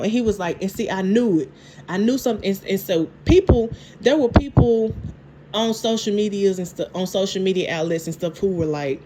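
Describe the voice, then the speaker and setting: A woman, casually recapping a TV drama episode, animated and laughing, with lots of repeats and restarts. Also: mid-range voice, moderate pace, a little hiss or hum. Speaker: TV show reviewer.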